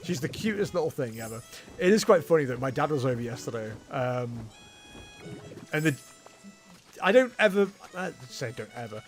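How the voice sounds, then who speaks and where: Guy rambling on a game stream, slightly high voice, bit of music behind. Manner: chatty, self-mocking, rambling. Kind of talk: casual gameplay livestream chat.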